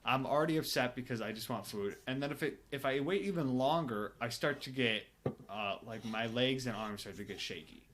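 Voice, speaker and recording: A man co-hosting a podcast, chatting casually, rambling and halting as he explains himself. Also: medium pitch, a bit bright, slight background noise. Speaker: podcast co-host.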